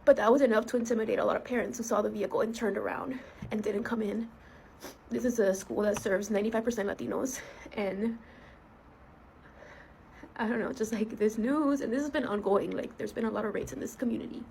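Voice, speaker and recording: A woman in her thirties, a school therapist from the United States, speaking in an emotional, halting, heartfelt personal video monologue. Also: fairly high pitch, steady tone, darkish tone, a little hiss or hum, rough recording.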